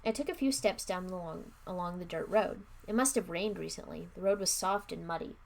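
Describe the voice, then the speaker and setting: Gravelly-voiced woman reading aloud. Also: lowish voice, fairly quick, darkish tone. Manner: casual asides, plain narration with slips and restarts. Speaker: livestream book reader. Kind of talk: live reading of a children's horror book.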